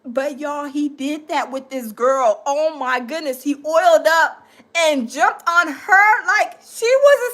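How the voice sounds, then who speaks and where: Woman host, very high and tense, excitable reaction commentary, keeps calling out to the audience. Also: takes it slowly. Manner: exclaiming, laughing, addressing viewers as y'all.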